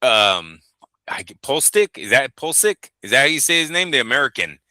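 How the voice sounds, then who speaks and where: Bright-voiced chatty man, dry sound. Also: mid-range voice, sing-song, fairly quick, no echo. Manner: chatty, says "dude" and "bro" a lot. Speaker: boxing show co-host. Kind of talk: casual podcast chat.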